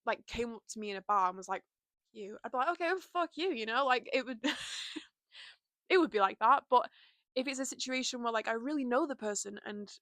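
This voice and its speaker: A woman's voice: on the high side, brisk, sharp tone, no room sound. A young woman chatting casually and openly to camera from her bedroom, full of "like" and "you know". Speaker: vlogger. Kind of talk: casual confessional chat.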